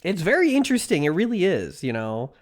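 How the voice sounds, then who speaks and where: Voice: mid-range voice, huge pitch swings, a little fast. A livestreamer chatting casually with viewers, rambling with many restarts and filler words.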